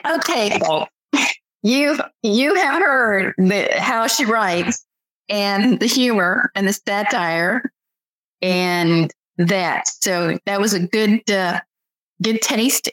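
A woman interviewer asking halting, checking questions in a casual conversation. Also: medium pitch, fairly bright tone, poor audio.

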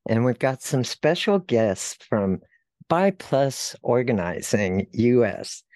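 A podcast host introducing guests in an upbeat, excited way. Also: mid-range voice, slow pace, no echo, clean studio sound. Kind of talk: casual podcast hosting.

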